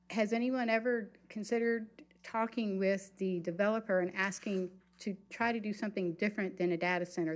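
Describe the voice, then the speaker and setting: A woman giving a public comment at a county meeting, pausing often with ums and uhs. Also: mid-range voice. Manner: hesitant, many ums and uhs.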